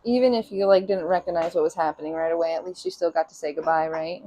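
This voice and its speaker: A woman's voice: fairly even intonation, quick pace, mellow, slight background noise. A woman chatting casually while cooking breakfast in her home kitchen on a live stream, calling to her cats now and then. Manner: chatty, talks to her cats in a high sing-song baby voice.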